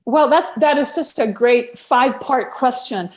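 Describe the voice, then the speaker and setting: High-voiced, blunt woman coach on a call. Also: a little slow. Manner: blunt, animated, laughs often. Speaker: on-camera speaking coach. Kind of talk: casual interview chat. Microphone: video call. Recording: roomy echo over a video call.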